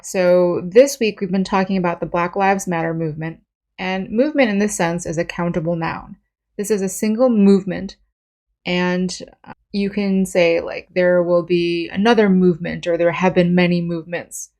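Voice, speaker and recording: A woman with a fairly low voice teaches English vocabulary. She explains each word patiently, step by step, with examples and plain rephrasings. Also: steady tone, normal speed, darkish tone. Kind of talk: vocabulary lesson.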